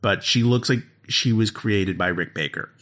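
Recapping an episode as a podcast co-host, this man speaks at a fairly low pitch and a moderate pace. His casual storytelling is animated, with frequent laughter and lines acted out as he goes.

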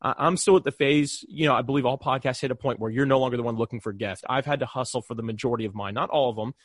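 A young man speaks rapidly and dryly, a podcast guest swapping stories. His telling is animated, full of quick asides and bits of acted-out dialogue. The sound is close and dead, with no room around it. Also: mid-range voice, no room sound. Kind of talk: casual storytelling in conversation.

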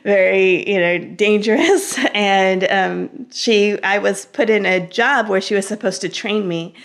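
A woman, a guest in an interview, earnestly recounting a personal story in a relaxed conversational way. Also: mid-range voice, a little slow.

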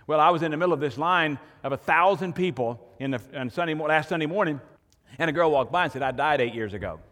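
Earnest male preacher, slightly high voice, long echo of a big church hall. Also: fast talker, a bit bright. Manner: earnest preaching with rising emphasis. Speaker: pastor. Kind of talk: sermon. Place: church sanctuary.

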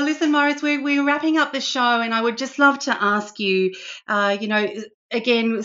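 A woman's voice: medium pitch, dull audio. A woman hosting an interview podcast, effusive and gushing with praise for her guest. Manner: warm, effusive, apologetic. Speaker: podcast host. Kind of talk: interview chat.

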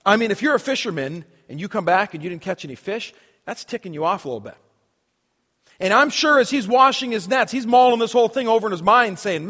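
A man preaching a sermon to students, telling a story and swinging between loud and hushed delivery. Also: high voice, lively intonation, quick pace. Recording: long reverb of a hall.

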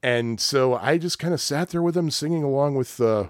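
A man's voice: medium pitch, moderate pace, dry recording, studio quality. A man telling a long story in casual chat, rambling, laughing often and acting out what people said. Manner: rambling and animated, with frequent laughs and acted-out quotes.

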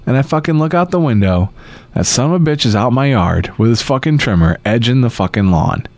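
A man's voice: mid-range voice, lively intonation, a little fast, a little mellow, no room sound. A man telling a story in casual chat, swearing freely and acting out quotes. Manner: profane storytelling with acted quotes.

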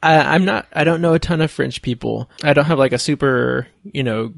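A man's voice: fairly high pitch, brisk, creaky, dry recording, clean studio sound. A man co-hosting a casual film discussion podcast, thoughtful and a bit hesitant, with fillers. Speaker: podcast co-host.

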